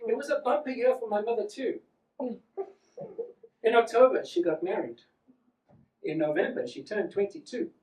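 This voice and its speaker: A man's voice: sits high, very animated, measured pace, long pauses, a little mellow. Man in his 40s, South African accent, wry, self-deprecating, stand-up storytelling, roomy theatre sound, distant mic. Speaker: comedian and solo performer. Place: theatre stage. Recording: echoey theatre from far off.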